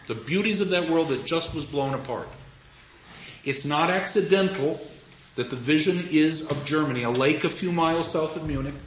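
A man lecturing on literature, telling a classroom story and acting out his students. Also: a little high. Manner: animated storyteller, acts out students. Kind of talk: lecture with anecdote. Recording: echoey lecture hall, dull noisy audio.

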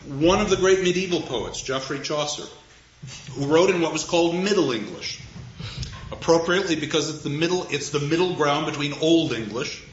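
A man with a slightly high voice lectures on poetry in a measured, thoughtful way, pausing and slowing down for emphasis. The recording is roomy and a little dull, with faint noise in the background. He sounds like a reflective teacher. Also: animated. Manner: measured, thoughtful, with deliberate pauses and slowed emphasis.

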